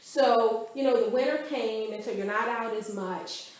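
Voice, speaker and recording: A woman with a fairly high, unhurried voice recounts events in a conversational interview, telling her story with animation and often acting out what other people said. The recording has a very echoey room sound and faint background ambience.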